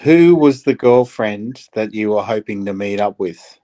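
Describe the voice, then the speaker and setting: A man's voice: on the low side, expressive, measured pace, dark tone. A man chatting on a live stream as a guest, asking pointed questions with a wry sense of humor. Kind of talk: casual chat.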